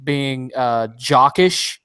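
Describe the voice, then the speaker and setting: A man's voice: mid-range voice, extremely slow, sharp tone, clean tone, dry recording, studio quality. A man talking in a casual podcast chat, rambling with many restarts and fillers.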